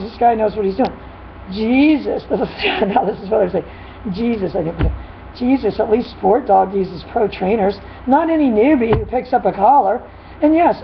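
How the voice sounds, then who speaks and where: A woman dog trainer chatting casually in a vlog, retelling a dispute in an animated, rambling way with frequent laughs. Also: on the high side. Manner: animated storytelling, laughs often. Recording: dull lo-fi with faint noise.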